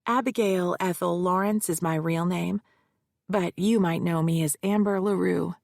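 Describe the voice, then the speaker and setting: A fragile young woman with a flat Midwestern accent, voiced by a woman narrator in an audiobook mystery. She talks slowly and haltingly, her low voice edged with gravel, recorded dry and close. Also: dry recording. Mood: hesitant.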